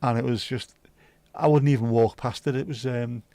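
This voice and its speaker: Male host, mid-pitched, easygoing and sweary, dry sound. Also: fairly even intonation, moderate pace, creaky, dark tone, dry recording. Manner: laid-back, sweary banter. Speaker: livestream host. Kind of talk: casual chat reading viewer comments.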